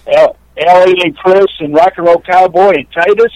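A man calling in to a show to read a poem, speaking in a deliberate, courteous way. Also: high voice, fairly even intonation, darkish tone, no echo. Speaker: caller reading a poem. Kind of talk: poetry reading and chat. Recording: dry phone line.

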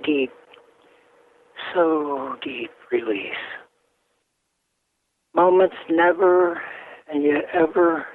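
A man calling in by phone to a radio show, reciting a poem in an unhurried, drawn-out way. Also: fairly high pitch. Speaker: caller. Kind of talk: poetry recitation. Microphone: telephone. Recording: tinny phone line with faint hiss.

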